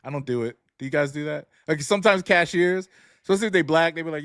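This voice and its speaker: A man's voice: on the high side, quick pace, no echo, clean studio sound. A man co-hosting a sneaker podcast, telling stories in casual chat and laughing often. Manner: laughs often, relaxed storytelling. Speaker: podcast co-host.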